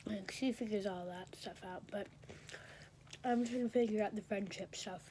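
Her voice is mid-range and warm, moving at a normal speed over a little background noise. A teenage vlogger, she's lying in bed eating while she chats and gossips casually, a bit stuffed up.

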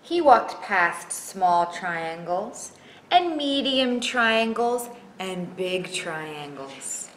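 Woman librarian doing a kids story time, super slow, echoey room with faint hum. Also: medium pitch. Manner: slow, expressive storytelling asking children questions. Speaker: children's librarian. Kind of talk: picture-book read-aloud.

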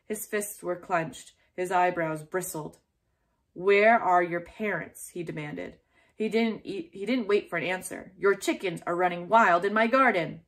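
Low-voiced woman reading a children's book. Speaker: storyteller.

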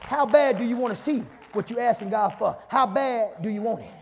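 A pastor preaching a fiery sermon, shouting, chanting and calling out to his congregation in a church. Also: very high-pitched, fairly quick, creaky, breathy edge. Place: church sanctuary. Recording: long church reverb, congregation faintly behind.

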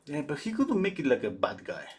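Male painter, husky voice, halting live-stream chatter with many restarts. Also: fairly high pitch, huge pitch swings, darkish tone. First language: Spanish. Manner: halting, searches for English words, many restarts. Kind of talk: casual chat while painting live.

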